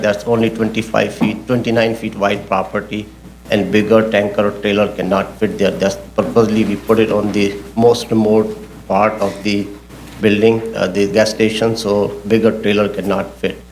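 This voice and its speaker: A low-pitched man speaks in a flat, even tone, working through technical points for a zoning board. He talks haltingly and circles back to repeat himself. Faint background noise from a hearing room sits behind him. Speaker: project engineer presenting to a zoning board. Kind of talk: public hearing testimony. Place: public hearing hall.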